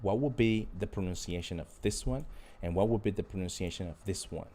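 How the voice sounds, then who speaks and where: A man's voice: low voice, brisk, mellow. A man teaching a live online English lesson, talking straight to his viewers and drilling phrases by repeating them. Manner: addresses viewers directly as a group.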